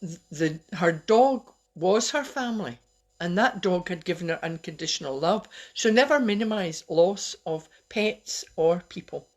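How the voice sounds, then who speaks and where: A woman's voice: lowish voice, lively intonation, a little slow. A middle-aged woman giving a casual, personal live talk as host, chatty and open, laughing at herself now and then. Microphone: webcam or phone on a live stream.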